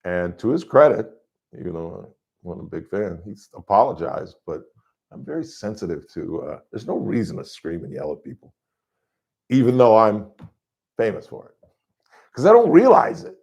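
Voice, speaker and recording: A middle-aged man hosting a call-in sports radio show in a studio, talking loudly and rambling through stories. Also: low-pitched, moderate pace, gravelly. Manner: loud, rambling, animated storytelling.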